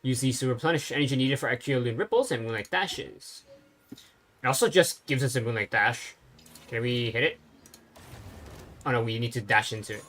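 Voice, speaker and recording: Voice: medium pitch, normal speed, long pauses, a bit bright, slight background noise. Casual game streamer thinking aloud. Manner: thinking aloud, hesitant with fillers. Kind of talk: casual let's-play commentary.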